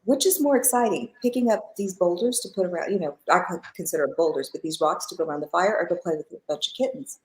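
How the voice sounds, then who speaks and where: Speaking fast with hardly a pause, this middle-aged spiritual teacher has a fairly low voice, heard on a rough recording. As a live interview guest, she recounts personal anecdotes, performing the dialogue in character and often laughing.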